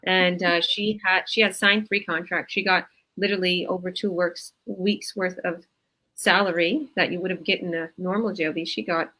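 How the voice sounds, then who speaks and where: A woman's voice: lowish voice, steady tone, moderate pace, bright, forceful tone, rough recording. A woman hosting a video group call, praising members with effusive, religious blessings. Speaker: host.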